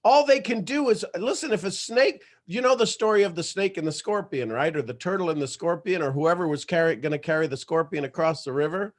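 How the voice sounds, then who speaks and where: A man hosting a motivational livestream, talking in an emphatic, animated storytelling way. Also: on the high side, a little fast, few pauses. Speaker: motivational show host.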